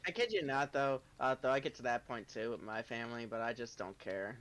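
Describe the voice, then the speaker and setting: A man's voice: medium pitch, brisk, fairly bright tone. A young man co-hosting a podcast while gaming, laid-back, making short remarks and laughing. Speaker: podcast co-host. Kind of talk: casual chat while gaming.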